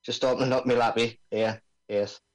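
A man's voice: mid-range voice, steady tone, moderate pace, close to an everyday voice, poor audio. A man doing a put-on Australian accent, voicing a brash male bomb-disposal expert full of slang at an amateur table read over a video call. He is breezy and stumbles over the technical jargon.

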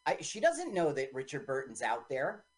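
A woman co-hosting a radio show, bantering playfully about a movie, jokey and quick to interrupt. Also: a bass voice, wildly swooping pitch, husky. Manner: joking, quick to interrupt and argue. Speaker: radio co-host. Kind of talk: casual banter while watching a movie. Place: radio studio.

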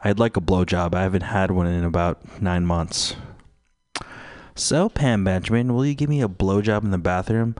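A man's voice: low voice, moderate pace, a little mellow, no echo, clean studio sound. A man hosting a radio show, ranting in a profane, rambling, mocking way full of fillers. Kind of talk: crude rambling radio rant.

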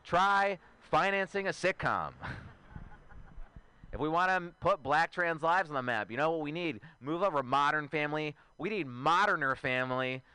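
A man in his twenties working through a stand-up set, chatty and self-mocking, with quick asides to the crowd. His voice sits a little high and sounds crisp and forceful. The sound is dry and close. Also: expressive, no echo. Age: 20s. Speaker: stand-up comedian. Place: outdoor show.

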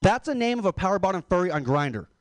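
A young man hosting a comedy night, doing crude, rambling stand-up that drops low on his tag lines. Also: big pitch swings, quick pace, dry recording. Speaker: comedy show host.

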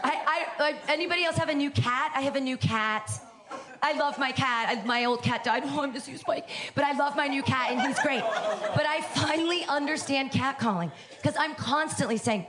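A woman's voice: high voice, fairly quick. A woman in her fifties doing a brash, bawdy, self-mocking stand-up set at a live comedy club. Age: 50s. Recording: live club, loud crowd.

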